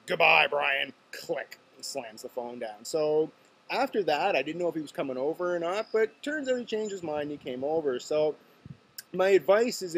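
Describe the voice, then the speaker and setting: A man's voice: a little high, a little mellow, slight background noise. A man from Nova Scotia, hosting his vlog in a chatty, joking storytelling way. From Nova Scotia, Canada. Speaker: vlog host. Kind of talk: casual talk to camera.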